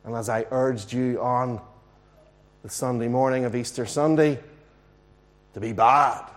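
A man preaching a sermon in a church, earnest and emphatic, slowing down to stress key words. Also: mid-range voice, fairly even intonation. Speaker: pastor.

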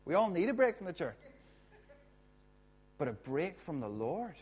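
A man preaching a sermon as a pastor, chatty and jokey with quick asides. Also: a little high, big pitch swings, darkish tone, husky.

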